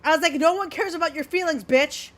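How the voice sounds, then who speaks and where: A woman's voice: sits high, a little fast, a bit bright. A woman co-hosting a podcast, telling a story in a brash, swear-filled casual chat. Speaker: podcast co-host.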